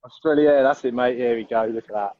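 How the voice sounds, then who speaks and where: A man's voice: mid-range voice, little pitch movement, narrow, tinny audio. A young man co-hosting a casual live show, enthusiastic and calling his partner mate. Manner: enthusiastic, rapid, says mate often. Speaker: co-host.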